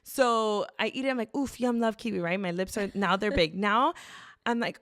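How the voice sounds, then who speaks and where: A woman's voice: mid-range voice, fairly quick, no room sound. A young woman co-host spins a story in casual podcast chat, leaning on "like" and dropping curse words as she acts out what everyone said. Her voice sits in the middle of the range, and the recording is dry, with no room sound behind it. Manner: animated storyteller, acts out quotes, frequent "like", swears.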